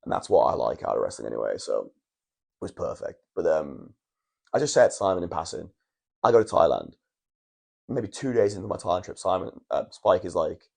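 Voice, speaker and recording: Low gravelly man telling stories. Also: sing-song, a little fast, darkish tone. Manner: rambling storytelling, frequent restarts and swearing. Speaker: wrestler, podcast guest. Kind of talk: casual chat. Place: hotel room.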